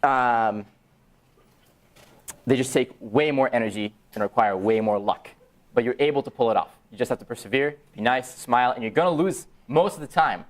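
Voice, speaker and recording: A man's voice: mid-range voice, normal speed. A young man giving a talk to an audience, telling a story with laughter and acting out the dialogue.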